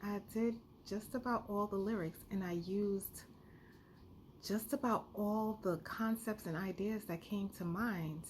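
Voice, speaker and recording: A woman's voice: medium pitch, a little slow, a little hiss or hum. A young woman, talking casually into her phone camera, thinking aloud and singing bits of a song draft. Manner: chatty, thinks aloud, sings snatches of melody. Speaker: songwriter vlogging her process. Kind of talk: casual vlog talk, singing draft lyrics.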